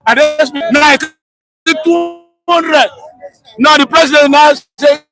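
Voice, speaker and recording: A man with a Nigerian accent, speaking in a street interview, fiery and often shouting, repeating himself and mixing in pidgin. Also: very high voice, fairly even intonation, measured pace, low-quality recording.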